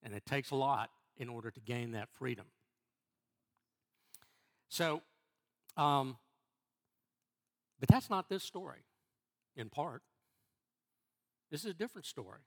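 A middle-aged man, a church elder, preaching a sermon in a halting way, repeating words and restarting before stressing key phrases. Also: medium pitch, lively intonation, a bit bright.

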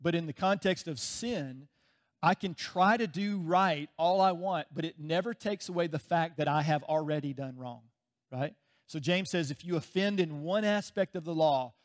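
A man preaching a sermon in a relaxed, conversational way, chuckling often and acting out everyday anecdotes. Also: a little high. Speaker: pastor.

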